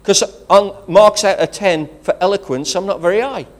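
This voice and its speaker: A man's voice: sits high, normal speed. A man with a regional English accent, preaching a sermon as pastor, rousing and conversational, with calls of praise. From England.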